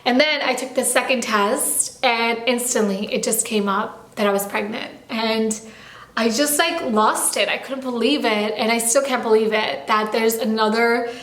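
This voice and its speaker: A woman's voice: fairly high pitch, steady tone, moderate pace, fairly bright tone. A young woman vlogging in a casual, bubbly chat to camera, rambling and full of fillers. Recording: echoey room.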